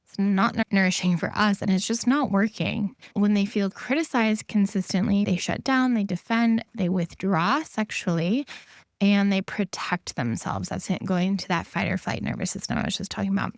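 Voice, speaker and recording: A woman's voice: mid-range voice, lively intonation, normal speed, no room sound, clean studio sound. A woman hosting a solo podcast as an intimacy coach, talking earnestly and repeating her key points for emphasis.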